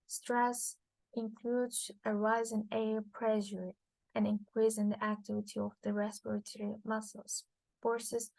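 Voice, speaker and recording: Woman, Turkish native, slightly high voice, dry close recording, halting lecture reading. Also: creaky, a little mellow, no room sound, poor audio. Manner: halting, with frequent uh fillers and restarts. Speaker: linguistics lecturer. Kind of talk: reading lecture slides aloud.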